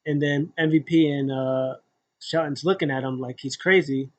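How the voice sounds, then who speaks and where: A man runs through a wrestling recap in a casual, unscripted way. He rambles, stumbles over his words, and slips into the voices of the people he quotes. His voice sits a little higher than most men's. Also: fairly even intonation, normal speed, low-quality recording. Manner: rambling, many fillers and restarts, acts out quotes. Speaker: wrestling show recap host.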